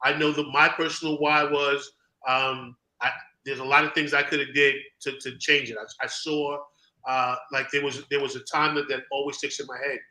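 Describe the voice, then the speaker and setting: A man's voice: mid-range voice, level tone, moderate pace, bright, forceful tone. A man co-hosting a casual talk show, speaking emphatically and often backing up his partner. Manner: emphatic, frequent affirmations. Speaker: podcast co-host. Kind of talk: casual chat. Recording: roomy echo.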